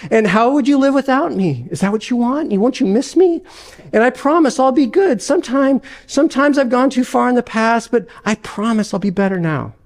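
A man voicing a small lizard that coaxes and begs in a high, sly voice. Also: animated, a little fast. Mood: wheedling. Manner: coaxing and manipulative. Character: wheedling little lizard, sly and clingy.

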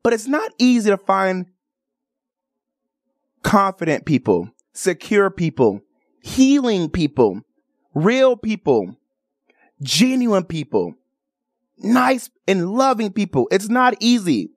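A Chicago woman hosting a radio and TV talk show speaks slowly and pauses often in a mid-range voice, recorded in a radio studio. Casual and animated, she playfully bursts into theatrical cries and bird calls. The audio is echo-free and clean.

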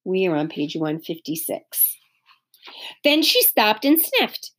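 A woman reading a children's chapter book aloud as a teacher, pausing to explain words to young listeners. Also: medium pitch, big pitch swings, fairly bright tone. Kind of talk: read-aloud storytelling with explanations.

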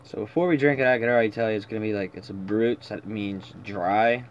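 A man's voice: lowish voice, fast, highs cut off, a little hiss or hum. Laid-back young man talking wine. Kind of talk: casual chat.

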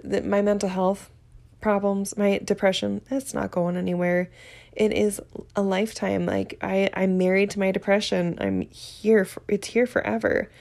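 In a creaky, darkish mid-range voice, a young podcast host opens up about her relationship and mental health in candid personal talk. She's emotional and vivid, with frequent laughter.

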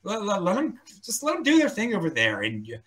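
A man from Baltimore County, Maryland, speaks with a Baltimore accent in a high, brisk voice as a podcast guest in opinionated casual chat. He rambles animatedly, repeating words and restarting his sentences.

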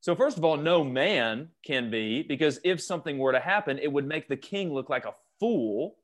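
A man's voice: on the high side, lively intonation, moderate pace. A man leading a youth Bible study over a video call, questioning the group and joking as he teaches.

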